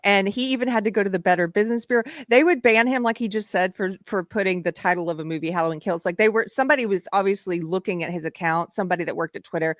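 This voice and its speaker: A woman's voice: mid-range voice, fast talker, hardly any pauses, dry recording, clean studio sound. A woman hosting a live online show, chatting casually and laughing often as she tells stories. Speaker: host. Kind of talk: casual live-stream chat.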